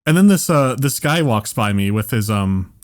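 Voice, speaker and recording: A man casually telling a long comedic story on a podcast, rambling with restarts and getting more excited as it goes. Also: lowish voice, normal speed. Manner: rambling, restarts often, builds to excited animated retelling. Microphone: podcast microphone.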